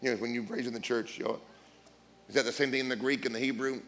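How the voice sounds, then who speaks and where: Gravelly, blunt preacher man. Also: medium pitch, fairly even intonation, fast talker, background noise. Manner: blunt, emphatic, swings between quiet asides and loud declarations. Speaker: guest preacher. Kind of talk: sermon.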